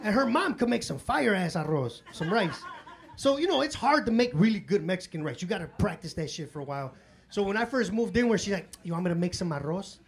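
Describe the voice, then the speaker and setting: A man's voice: high-pitched, very animated, a little fast, gravelly. A man doing a brash, profane stand-up comedy set in street slang, recorded live on a comedy club stage. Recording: live club with crowd laughter and noise. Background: audience laughter.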